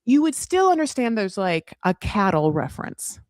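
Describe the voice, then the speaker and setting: A woman hosting a casual recap podcast, chatty and gossipy, quick to act out the people she discusses. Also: medium pitch, very animated, darkish tone, no echo, studio quality. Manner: chatty, gossipy, acts out the cast in quick voices. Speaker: podcast host recapping a reality show. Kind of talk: casual chat.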